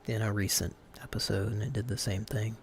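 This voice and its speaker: A man's voice: on the low side, flat delivery, a little fast, vocal fry, a little hiss or hum. A man hosting a live call-in stream, chatting casually and rambling with fillers and restarts.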